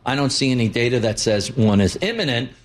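A man's voice: medium pitch, animated, fairly quick. Blunt, opinionated male market guest. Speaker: guest investment commentator. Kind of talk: broadcast interview.

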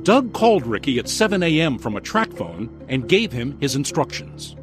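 A male news correspondent reading scripted true-crime narration with dramatic weight. His pitch sits a little high and swings widely, and music plays clearly behind him. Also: sing-song, normal speed. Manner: dramatic, emphatic delivery.

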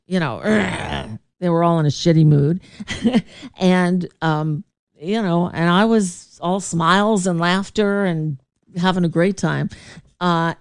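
Unhurried, chatty radio host woman. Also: on the low side, a little mellow, dry recording, studio quality. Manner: chatty, digressive, laughing often. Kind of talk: casual storytelling to a live chat.

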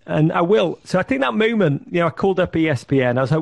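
A middle-aged man giving an animated interview, full of restarts and acted-out quotes. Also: high-pitched, fast talker, vocal fry. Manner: animated, acts out quoted voices, many restarts. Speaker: podcast network founder, guest. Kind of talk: conversational interview storytelling.

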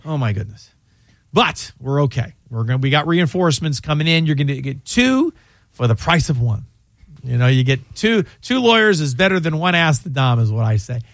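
A man's voice: a little high, big pitch swings, normal speed, dry recording, studio quality. A man hosting a call-in legal advice radio show, talking in a chatty, rambling way and often restarting his sentences. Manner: chatty, rambling, self-interrupting. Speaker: radio show host and lawyer.

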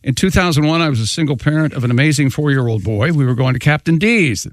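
A man's voice: a little high, expressive, fast talker, dry recording. A man co-hosting a radio show, reading listener letters aloud and chatting with the crew. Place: radio studio.

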